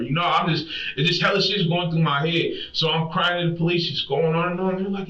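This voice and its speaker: A man's voice: fairly high pitch, brisk, hardly any pauses, bright, forceful tone. A young man in his twenties, a suspect in a police interrogation, talking in a distressed, rambling, slangy way. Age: 20s. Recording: roomy, distant, muffled interrogation room audio.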